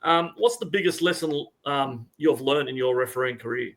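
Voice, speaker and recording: A man's voice: medium pitch, moderate pace. A man, a referee coach, chatting with laughs and lots of fillers over a video call. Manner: laughing, hesitant, many fillers. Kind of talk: casual chat on a video call.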